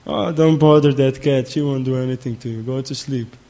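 A man's voice: medium pitch, fairly even intonation, a little fast, warm tone, close to an everyday voice. A man voicing a tired mother who scolds her small son in an exasperated way, told within a spoken story. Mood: dismissive.

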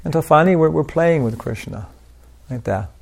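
An older man giving an informal devotional talk, rambling through anecdotes with lots of "you know" and soft laughs. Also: on the high side, lively intonation, brisk, vocal fry. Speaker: preacher.

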